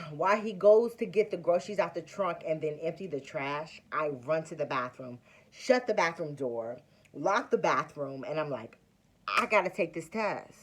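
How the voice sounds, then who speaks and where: A woman's voice: low voice, moderate pace. A young woman vlogger telling a personal story in a casual, slangy way, acting out what people said. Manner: animated storyteller, acts out quotes, slangy.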